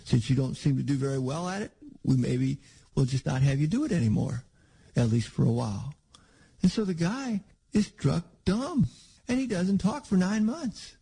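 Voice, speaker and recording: A man's voice: fairly high pitch, gravelly, dark tone, breathy edge, rough recording. A man preaching a sermon in a conversational, rambling way with frequent restarts.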